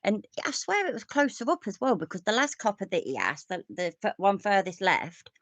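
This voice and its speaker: English woman, host, gravelly, very lively pitch, swears, rambling, dry recording. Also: a little fast, no room sound. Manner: rambling, swears often, laughs a lot. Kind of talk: casual reaction commentary.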